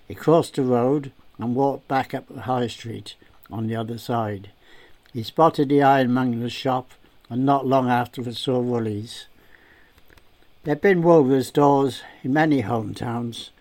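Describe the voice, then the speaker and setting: Man reading a story, steady pace. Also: mid-range voice. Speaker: narrator.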